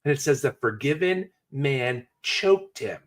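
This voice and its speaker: Animated, conversational male preacher. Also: medium pitch, measured pace. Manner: animated, conversational storytelling with jokey asides. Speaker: pastor. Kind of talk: sermon.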